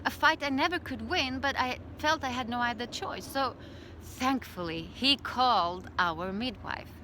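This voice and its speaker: A middle-aged woman telling her own story as a birth educator, in a calm, reflective way. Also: on the high side, unhurried, slight background noise. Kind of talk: personal storytelling.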